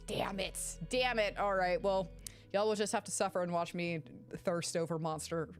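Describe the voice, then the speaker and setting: A woman streamer chatting casually with her live viewers, excitable, swearing freely, with loud outbursts and frequent laughter. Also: lowish voice, moderate pace, soft background music. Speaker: game streamer.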